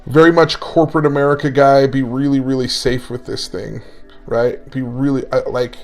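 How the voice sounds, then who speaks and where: A man in his forties with a gravelly, creaky voice tells a story in a relaxed interview. He is animated and acts out both sides of the conversation as he goes. Faint music plays behind him. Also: medium pitch, moderate pace. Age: 40s. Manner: animated storyteller, acting out dialogue. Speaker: guest, mental performance coach.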